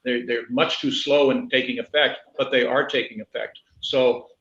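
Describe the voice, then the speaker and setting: An earnest man of middle pitch telling stories as a candidate. His voice comes through a roomy, echoing space, and the call audio is dull and muffled. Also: fairly even intonation, normal speed, a bit bright. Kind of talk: measured conversational answers. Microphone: video call.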